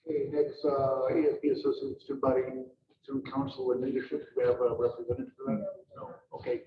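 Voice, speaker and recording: A man chairing a school board meeting, giving formal remarks in a halting way with many fillers and repeated words. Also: mid-range voice, lively intonation. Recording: distant, muffled, roomy with noise.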